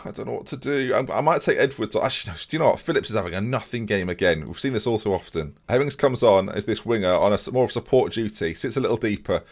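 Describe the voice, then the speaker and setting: A young man commentating his own video game match, fretting one moment and shouting the next. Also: lowish voice. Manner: excitable, swings from fretting to shouting.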